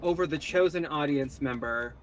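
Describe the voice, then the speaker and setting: A man describes his character's actions during a tabletop game. He talks loosely and rambles, with many fillers along the way. His voice sits a bit high, and faint music plays behind him. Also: moderate pace. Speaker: player.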